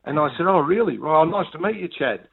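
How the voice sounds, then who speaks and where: A man's voice: on the high side, animated, fairly quick, creaky, husky. A man, a cricket coach and co-host, telling a teasing story on radio. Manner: teasing, anecdotal. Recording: tinny phone line.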